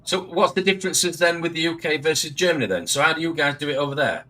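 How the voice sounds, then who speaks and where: A man's voice: fairly high pitch, quick pace, bright, forceful tone, rough recording. A British man hosting a casual online panel chat, talking loosely and choosing his words with care. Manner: chatty, careful with his words. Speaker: livestream host.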